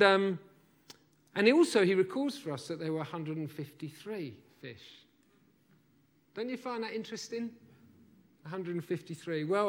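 A man preaching a sermon, telling a Bible story with lively, acted-out lines and asides to the congregation. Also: a little high. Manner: animated storytelling, acts out the disciples' lines.

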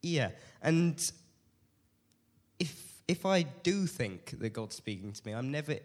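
A man's voice: a little high, very animated, slow pace, big-room sound. Teenage guy with a cold. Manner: nervous, self-deprecating, hesitant with many fillers. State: has a cold. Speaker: speaker giving a testimony. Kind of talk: personal testimony to a church group.

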